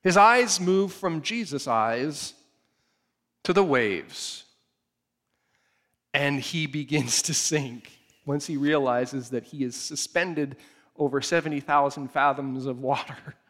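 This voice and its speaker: A man preaching a sermon, retelling a scripture story with animated, acted-out storytelling. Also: a little high, slow. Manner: animated storytelling, acts out the scene. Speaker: pastor.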